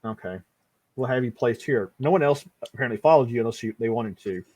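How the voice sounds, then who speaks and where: A man's voice: mid-range voice, fast, darkish tone. A man running a live tabletop game as game master, talking casually with frequent restarts and the odd swear.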